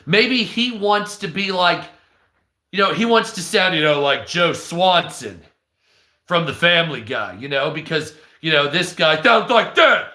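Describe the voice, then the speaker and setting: High, bright-voiced man ranting. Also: measured pace, roomy sound. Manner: profane, animated, acts out quoted voices. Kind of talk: casual ranting commentary.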